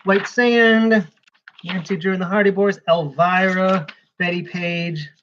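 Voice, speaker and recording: A man's voice: high-pitched, steady tone, unhurried, a bit bright, lo-fi sound, a little hiss or hum. A man giving rambling live-stream commentary while flipping through a comics preview magazine, with sarcastic asides.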